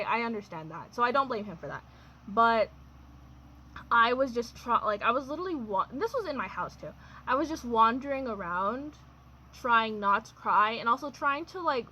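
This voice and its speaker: A woman's voice: on the high side, bright, forceful tone, a little hiss or hum, rough recording. A young adult woman telling a personal storytime in a chatty, wry way, full of fillers and laughs. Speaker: vlogger. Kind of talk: casual storytime.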